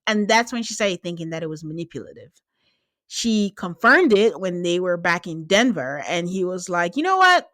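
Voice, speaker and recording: A woman hosts a casual recap podcast, talking in an animated way and breaking into laughter. She acts out what people said in quick little impressions. Her voice sits at a middle pitch and sounds dry and close. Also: dry recording. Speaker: podcast host.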